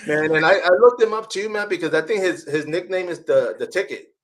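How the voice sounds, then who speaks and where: A man's voice: a little high, a little fast. A man hosting a podcast, asking rambling questions full of "I mean" and "you know.". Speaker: podcast host. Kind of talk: casual podcast interview.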